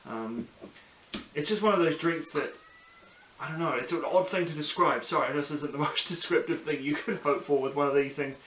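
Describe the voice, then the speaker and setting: A young man with a New Zealand accent hosts a casual solo review podcast from a small sunny room at home, rambling enthusiastically with lots of ums and restarts. His voice is a little high and fairly bright, at a moderate pace, and the echoey room carries a faint background hiss.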